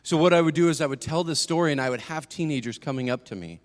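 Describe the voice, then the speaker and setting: A young man giving a personal testimony as a church speaker, moving between hushed and emphatic storytelling. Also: fairly high pitch, quick pace. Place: church sanctuary. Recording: long hall reverb.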